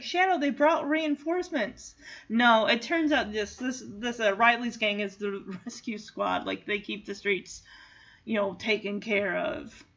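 A woman's voice: on the high side, fairly bright tone. A woman chatting casually through a movie recap. She giggles often and acts out the characters' lines. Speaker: movie reaction vlogger. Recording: dull lo-fi audio.

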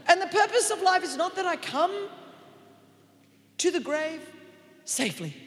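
A woman evangelist with an Australian accent preaching a sermon in church, moving from quiet reflection to shouted, emphatic declarations. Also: very high-pitched, very animated, moderate pace, pauses often, big-room sound. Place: large church hall.

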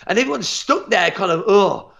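Gravelly high-voiced man, emphatic. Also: normal speed. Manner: energetic, emphatic, swears freely, stumbles and repeats words. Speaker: martial arts instructor, podcast guest. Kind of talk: motivational podcast chat.

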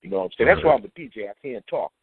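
A man's voice: mid-range voice, lively intonation, rapid-fire, a loud crowd. Laid-back New man on a phone line. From Trenton, New Jersey. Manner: laid-back, often adds "you know what I'm saying" and "man". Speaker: DJ, interview guest. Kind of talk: casual interview chat. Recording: tinny phone-like dry line.

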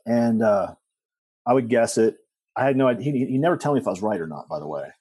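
A man's voice: medium pitch, animated, quick pace, a little mellow, breathy edge, dry recording. A middle-aged man telling personal stories as a guest, rambling with restarts and asides. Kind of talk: personal storytelling in conversation.

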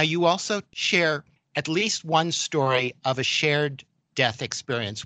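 A man hosting an interview show, asking his guest questions in a measured, steady way. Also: mid-range voice, no echo. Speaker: radio show host and interviewer.

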